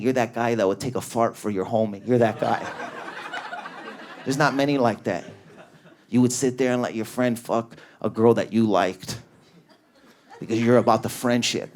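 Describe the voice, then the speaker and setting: A man doing a stand-up comedy set in a club, riffing at high energy on an audience member. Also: fairly even intonation, normal speed, long pauses, slight background noise. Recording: live club with a laughing crowd. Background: audience laughter.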